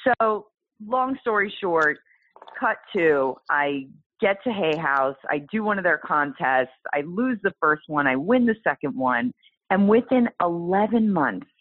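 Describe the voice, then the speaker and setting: Woman guest, low voice with big swings, animated storyteller; dry, phone-quality audio. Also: measured pace, no echo. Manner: animated, exclaiming, acts out quoted voices. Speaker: guest author. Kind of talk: storytelling in a podcast interview. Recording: tinny phone-like line.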